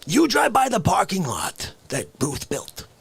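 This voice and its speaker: Guy doing a comedy live stream, high gravelly voice, jumping from yelling to whispering, faint music behind. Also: measured pace, dry recording. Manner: excitable, shifts from shouting to hushed asides. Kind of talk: unscripted comic rant to live chat.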